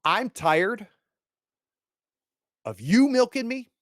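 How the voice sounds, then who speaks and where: A man's voice: mid-range voice, expressive, measured pace, dry recording, clean studio sound. A man doing a domineering, furious rich father. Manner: cold, commanding, shouting threats. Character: domineering wealthy older father, cruel and angry.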